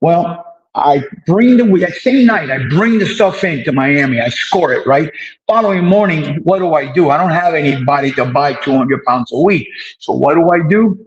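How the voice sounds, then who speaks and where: An older man, an interview guest, telling stories from his past in a casual, animated way and acting out the dialogue. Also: on the high side, moderate pace, dull audio. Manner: animated storyteller who acts out dialogue.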